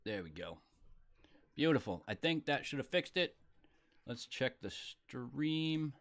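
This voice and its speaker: A man hosting a casual live stream, chatting loosely and reading viewer comments out loud. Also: mid-range voice, big pitch swings, slow. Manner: laid-back, reads viewer comments aloud.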